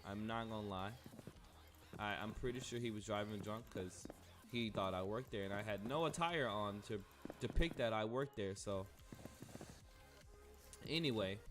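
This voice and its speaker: A man's voice: lowish voice, moderate pace, long pauses, music in the background. Rambling, profane young man telling a story. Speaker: gaming streamer. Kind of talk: casual storytelling while gaming.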